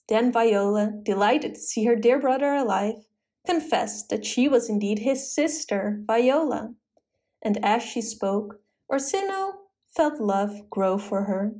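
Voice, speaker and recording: A woman telling a classic story as a steady, clear storybook narration. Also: a little high, measured pace.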